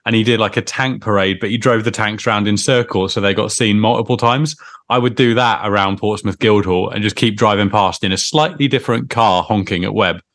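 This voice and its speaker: A man co-hosting a football podcast talks in a low voice. His delivery is chatty and joking, and he drifts into trivia asides. The sound is dry and close. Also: fairly quick, fairly bright tone, dry recording. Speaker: podcast co-host. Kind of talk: casual chat.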